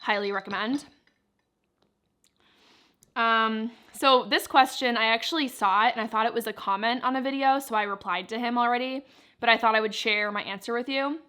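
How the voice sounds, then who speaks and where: A woman's voice: a little high, normal speed, sharp tone. A young woman vlogger chatting casually, answering viewer questions while she eats. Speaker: plant vlogger.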